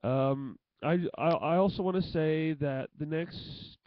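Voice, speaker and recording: Young guy vlogging, kinda high voice, stumbles and repeats himself a lot, dry muffled sound. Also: no echo. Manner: halting, repeats phrases and restarts often. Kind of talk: emotional tribute monologue to camera.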